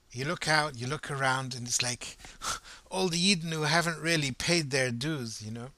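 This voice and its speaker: Addressing the listener directly, a fairly high-pitched man spins an animated oral tale, mimicking the voices of crowds in a lively, chatty style. There's no echo on the recording.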